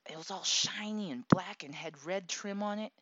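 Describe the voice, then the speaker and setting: A woman in her thirties telling a personal story in a casual, animated way, laughing often and acting out the people she quotes. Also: mid-range voice, moderate pace, no room sound. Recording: dull lo-fi dry recording.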